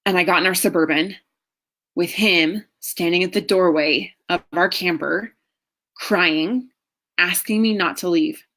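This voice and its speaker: A middle-aged woman, a marriage coach, telling her own story in an earnest, emotional way with slow pauses. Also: fairly low pitch, a bit bright. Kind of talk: personal story talk.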